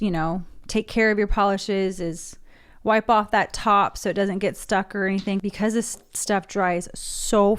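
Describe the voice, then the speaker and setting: In a casual tutorial, a woman in her thirties talks through painting her nails at home, narrating each step into a desk mic. She's chatty, and her mid-range voice sounds smooth.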